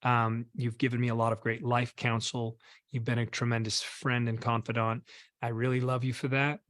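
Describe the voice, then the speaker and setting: A man's voice: mid-range voice, level tone, normal speed, a bit bright, no room sound. Male host, casual video call chat; effusive, appreciative delivery, dry sound.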